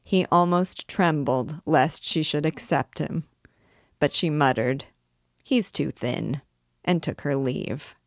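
A woman narrating a classic novel as an audiobook, in a measured, even storytelling manner. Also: low voice, no room sound, studio quality.

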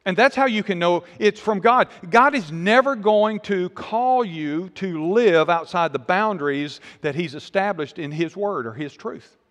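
Emphatic preacher with a high voice. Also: male voice, lively intonation, a little slow, few pauses, fairly bright tone, big-room sound. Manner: earnest, emphatic preaching with repeated phrases and restarts. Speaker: pastor. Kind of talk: sermon.

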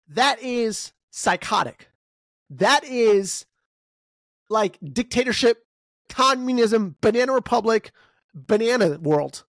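A podcast host delivering an emphatic, ranting opinion monologue, firing off rhetorical questions, with big swings in pitch and sudden bursts of speed. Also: no room sound.

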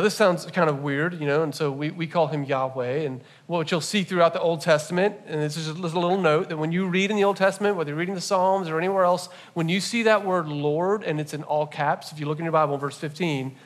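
A man preaching a church sermon as a pastor, teaching in a conversational, animated way with playful asides to the congregation. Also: fairly high pitch. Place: church service.

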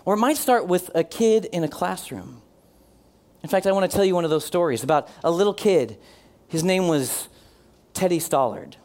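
Earnest, fairly high-voiced male preacher. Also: lively intonation, darkish tone. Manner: earnest preaching, slows and drops his voice for emphasis; leads the congregation in call-and-response. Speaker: pastor. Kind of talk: sermon.

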